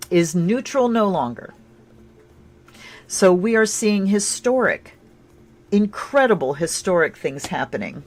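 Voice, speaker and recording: A woman doing a casual tarot and astrology reading, chatty and rambling, with sudden bursts of excitement. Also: on the low side, unhurried, pauses often.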